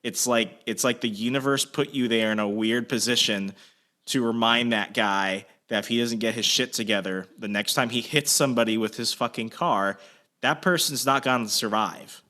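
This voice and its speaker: Bright young guy telling a story, swears a lot, acts out the yelling. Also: mid-range voice, moderate pace. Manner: animated storyteller, swearing, acts out shouted quotes. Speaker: podcast co-host telling a story. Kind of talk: casual storytelling chat.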